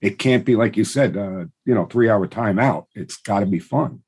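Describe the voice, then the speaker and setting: A man's voice: lowish voice, normal speed, a little mellow, breathy edge. A man hosting a baseball coaching show, chiming in with short agreements. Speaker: podcast host. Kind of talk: casual chat.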